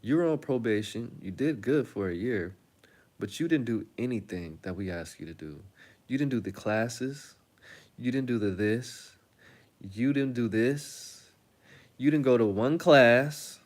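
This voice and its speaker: A man voicing a stern female judge who lectures a defendant in a measured, scolding way. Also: mid-range voice, expressive. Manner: measured, scolding, then casual and slangy.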